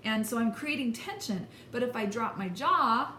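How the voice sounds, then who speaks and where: A woman's voice: on the high side, lively intonation, normal speed, sharp tone, a little hiss or hum. A woman teaching a vocal lesson, explaining technique in an encouraging, emphatic way. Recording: echoey room with instrument playing.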